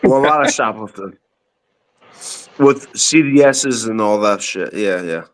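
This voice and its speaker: A man's voice: fairly low pitch, animated, measured pace, a little hiss or hum. A man in casual banter, laid-back and slangy, saying "bro" a lot. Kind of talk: casual chat.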